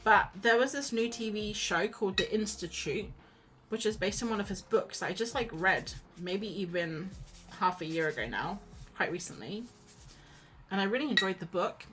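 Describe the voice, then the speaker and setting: A streamer paints and chats at a moderate pace, her medium-pitched voice fairly bright with lively intonation. She rambles and makes self-deprecating remarks, and the audio is rough.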